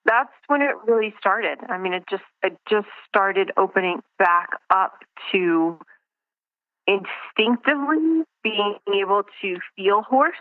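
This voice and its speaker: A woman's voice: mid-range voice, lively intonation, a little slow, no echo. A woman speaks in a reflective, searching way, often restarting her sentences. Her voice comes through a thin, phone-like line. The sound is dry and close. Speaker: guest. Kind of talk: casual interview over the phone.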